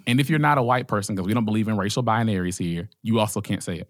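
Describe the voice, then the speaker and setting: A man co-hosting a podcast in casual chat, animated and joking, sometimes breaking into preacher-style bits. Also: on the low side, quick pace, no room sound, clean studio sound. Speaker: podcast co-host.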